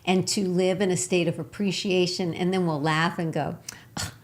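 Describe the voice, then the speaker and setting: A woman's voice: on the low side, fairly even intonation, normal speed. A woman from Texas co-hosting a spiritual talk show, telling stories with enthusiasm and laughing often. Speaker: co-host.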